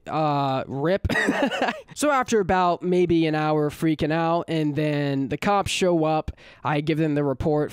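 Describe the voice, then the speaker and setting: Young male storyteller, slangy and animated, higher voice, dry close sound. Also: no room sound. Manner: animated, slangy, laughs at his own bad luck. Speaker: storytelling YouTuber. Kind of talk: casual storytime vlog.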